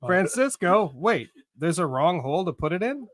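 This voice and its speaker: A man's voice: high voice, big pitch swings, moderate pace, no room sound, clean studio sound. A man co-hosting a comedy podcast, giggling often and making self-mocking crude jokes. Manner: giggly, self-mocking, reads listener comments aloud. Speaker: podcast co-host.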